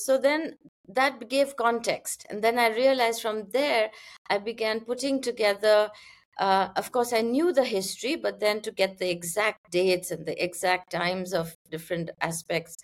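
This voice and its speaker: Soft-spoken woman poet, thoughtful. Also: medium pitch. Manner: thoughtful, gentle, pauses with fillers. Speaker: poet and author guest. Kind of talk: interview answers and poetry reading.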